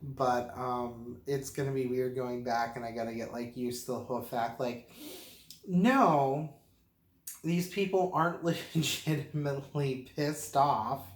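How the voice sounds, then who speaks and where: A mildly tipsy man from western Pennsylvania talks to his camera in a loose, wandering monologue, leaning on fillers and breaking into laughter. He speaks slowly and unhurriedly. His voice bounces around a roomy, echoing indoor space. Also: mid-range voice. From Pittsburgh area, western Pennsylvania. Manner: rambling, with many fillers and frequent laughs. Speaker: vlogger. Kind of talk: casual rambling monologue. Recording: roomy echo.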